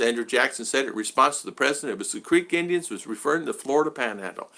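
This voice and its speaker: Middle-aged American man, bright rambling livestream host, talks in loops. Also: medium pitch, animated, fast, vocal fry, few pauses. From United States. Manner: rambling, repeats himself. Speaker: vlogger. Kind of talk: casual livestream chat.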